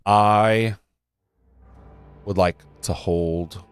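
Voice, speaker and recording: A man's voice: lowish voice, fairly even intonation, extremely slow, smooth. A man playing in a tabletop game, talking hesitantly with ums and apologies. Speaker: player. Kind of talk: casual tabletop play.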